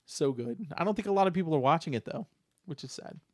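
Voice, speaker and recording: A man's voice: on the high side, expressive, fast, a little mellow, no room sound, clean studio sound. A man co-hosting a casual talk show, chatting enthusiastically and rambling, laughing often. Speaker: podcast co-host. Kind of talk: casual chat.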